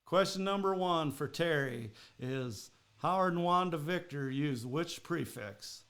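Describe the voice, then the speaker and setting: A man's voice: a little high, lively intonation, unhurried, a bit bright. Chatty, rambling podcast host, man. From Minnesota. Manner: chatty and rambling, with frequent laughs. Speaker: podcast host and quiz master. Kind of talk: casual chat.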